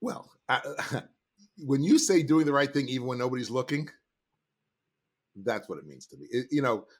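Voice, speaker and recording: A middle-aged man, a sales trainer, telling stories in an animated, emphatic way as a podcast guest. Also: mid-range voice, moderate pace. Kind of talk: casual interview talk.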